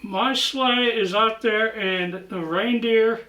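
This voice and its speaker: Santa Claus, played by a woman, slow and jolly. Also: fairly high pitch, fairly bright tone, echoey room, poor audio. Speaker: guest storyteller. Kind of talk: reading a picture book aloud.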